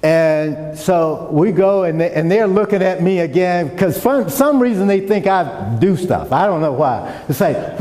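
A middle-aged man telling a personal story to an audience, acting out the dialogue with lively shifts. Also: sits high, a little slow, hardly any pauses. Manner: animated storyteller, acts out dialogue. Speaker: speaker. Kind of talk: storytelling talk. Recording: echoey hall with long reverb.

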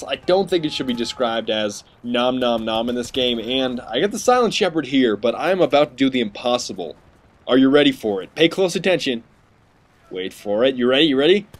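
A young man giving casual, sarcastic commentary over his own gameplay, now and then mocking other players in silly voices. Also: medium pitch. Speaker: gaming commentator.

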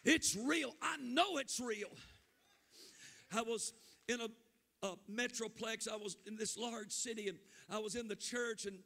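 Gravelly high-voiced shouting preacher man. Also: unhurried. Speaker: pastor. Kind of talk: Pentecostal sermon. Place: church.

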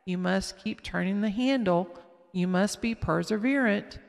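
A woman voicing a kind, patient teenage girl babysitter who explains things gently. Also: medium pitch, measured pace, vocal fry. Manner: gently instructive. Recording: long echoing reverb.

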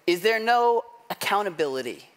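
A man's voice: sits high, big pitch swings, normal speed, fairly bright tone. Storytelling male pastor. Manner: conversational, self-deprecating storytelling with frequent "like" and "right?". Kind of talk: sermon.

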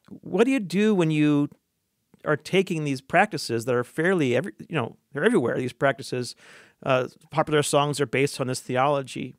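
A man's voice: mid-range voice, no echo, studio quality. A man hosting an interview, asking curious questions with many hesitations and fillers. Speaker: host.

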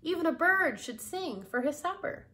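A woman reading aloud, voicing a brisk, bossy old lady who talks in firm, emphatic proverbs. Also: very high-pitched, very animated, bright, forceful tone, pitched above the performer's own voice, full character voice. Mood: earnest.

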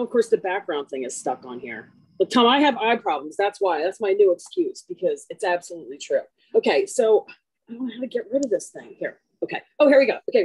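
A woman talking on a video call, chatty and self-deprecating as she tells her story with lots of animation. Her voice sits at an ordinary pitch. The sound is dry, with no room echo. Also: darkish tone. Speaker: workshop participant. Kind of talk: casual show-and-tell.

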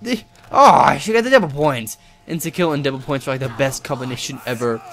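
A young man giving live gameplay commentary, excitable and rambling, swearing and yelping often. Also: mid-range voice, a little fast.

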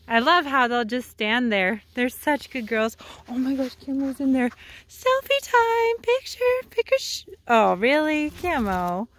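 Her high voice is animated and fairly bright, though her pace is slow. She's on a creekside trail ride making a casual vlog, cooing and talking playfully to her animals with frequent laughter.

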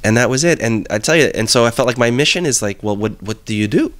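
An excitable man, a film producer, talking in an interview. He has a mid-range voice, restarts sentences quickly and breaks into laughter. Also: medium pitch. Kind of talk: enthusiastic interview talk.

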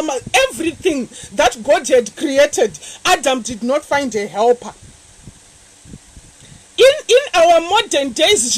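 A woman evangelist, preaching a sermon with animated, repetitive emphasis. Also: high voice, rough recording. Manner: animated preaching, repeating phrases.

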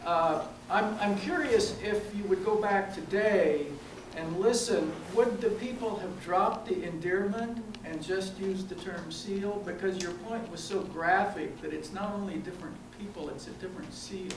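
High-voiced man heard from across a room. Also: measured pace. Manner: hesitant, thoughtful, searching for words. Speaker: audience member asking a question. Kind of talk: question from the floor. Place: lecture room at a library event. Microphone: far from the speaker's microphone. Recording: distant, roomy, noisy room pickup.

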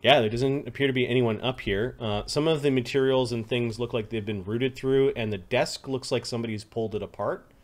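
A man's voice: mid-range voice, a little fast, hardly any pauses. Guy running a tabletop game, easy descriptive narration, fillers here and there. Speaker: game master.

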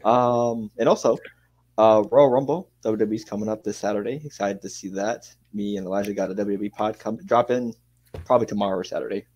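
A man's voice: on the low side, fairly even intonation, fairly quick, a little mellow, lo-fi sound. A young man co-hosting a sports podcast, easygoing and chatty, often starting with "hey" and "um". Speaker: podcast co-host. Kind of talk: casual sports chat.

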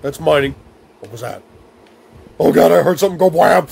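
A young man with a fairly high, gravelly and husky voice gives silly running commentary over a video game. He slips into baby talk and rhyming nonsense words as he plays. His tone stays playful and comedic throughout. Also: brisk, a little mellow. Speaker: gaming video host.

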